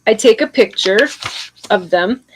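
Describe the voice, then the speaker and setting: A woman's voice: mid-range voice, expressive, unhurried, slight background noise, rough recording. A middle-aged woman chatting casually while she paints on a live stream, rambling with many restarts and answering viewer comments.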